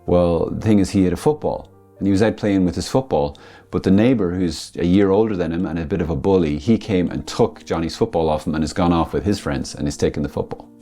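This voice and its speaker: Male priest, low mellow voice; relaxed teaching talk, homely examples, animated quotes. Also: quick pace, faint music behind. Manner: conversational, explains with homely family examples; acts out quoted voices with lively rises. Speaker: Catholic priest and friar. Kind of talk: spiritual talk to an audience.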